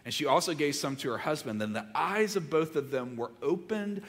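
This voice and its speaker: A man preaching a conversational sermon, his voice a touch higher than most, carried by long hall reverb. He swings between loud, animated moments and hushed, almost whispered lines as he asks his listeners questions. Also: brisk. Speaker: pastor.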